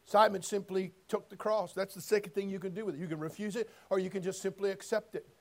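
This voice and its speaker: A man preaching a sermon, folksy and direct, moving between quiet storytelling and loud shouted passages. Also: high-pitched, fairly even intonation, quick pace. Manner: folksy, addresses listeners as friend and brother.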